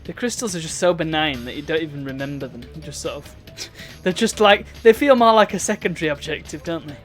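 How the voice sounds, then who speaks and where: A man's voice: fairly high pitch, fast talker, a bit bright, soft background music. A man giving chatty, wry commentary while streaming a video game. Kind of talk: casual gameplay commentary.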